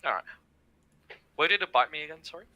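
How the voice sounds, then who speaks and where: Playful male player on a video call, sharp bright voice. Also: a little high, lively intonation, fast, no room sound. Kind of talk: casual tabletop play.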